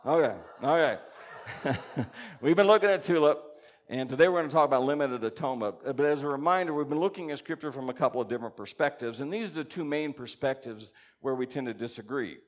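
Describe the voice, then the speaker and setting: Man, pastor, mid-pitched voice, casual preaching, reads scripture, thinks aloud. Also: fairly quick. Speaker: pastor or Bible teacher. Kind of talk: conversational sermon.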